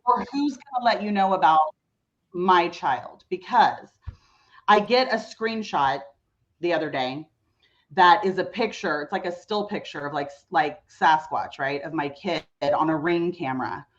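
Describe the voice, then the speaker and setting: A woman's voice: lowish voice, unhurried, highs cut off. A woman in her thirties, a podcast guest and mother, telling a story in casual chat with lots of "like" fillers. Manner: animated storyteller, many "like" fillers. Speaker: mother of a teenage son.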